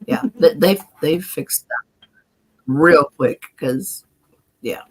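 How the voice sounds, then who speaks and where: Woman streamer chatting loose, lots of laughs, lowish husky voice that jumps around. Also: slow, rough recording. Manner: laughs often, acts out friends' lines in high squeaky voices. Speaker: livestream host. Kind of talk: casual chat.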